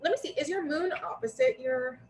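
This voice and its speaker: A young woman co-hosting a casual astrology chat, talkative and quick to laugh. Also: high-pitched. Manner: chatty, laughs, acts out quoted voices. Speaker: astrologer co-host. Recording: echoey room with faint ambient noise.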